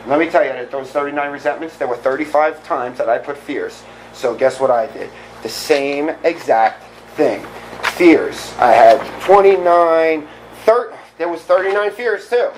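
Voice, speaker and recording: A middle-aged man giving a candid, animated personal recovery talk, often laughing at himself. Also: on the high side, a little slow, slight background noise, rough recording. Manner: candid, animated storytelling with self-deprecating laughs. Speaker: recovery meeting speaker.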